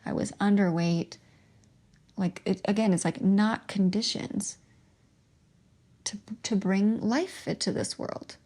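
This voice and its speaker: A young woman hosting her own podcast, telling an emotional personal testimony in a halting way, with pauses and restarts. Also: medium pitch, steady tone, mellow.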